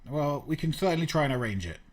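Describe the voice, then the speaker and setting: Podcast co-host with a lisp; dry, teasing male voice with an animated pitch. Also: fast. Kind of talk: casual chat.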